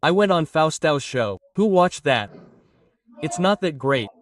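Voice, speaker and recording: A man doing a stand-up comedy set, telling stories with lively crowd work and swearing. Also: fairly high pitch, a little slow, distant mic. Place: comedy club stage.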